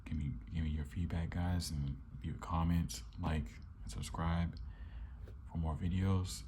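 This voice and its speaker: A man giving a calm, low-key ASMR comic book reading as the channel host. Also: unhurried, a little hiss or hum.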